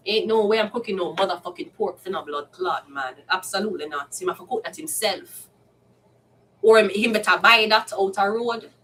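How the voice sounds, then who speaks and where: With a fairly bright, mid-range voice, a woman who reads tarot and has a Jamaican accent rants casually, cursing a lot and sounding heated and blunt. She is recorded from afar with slight background noise.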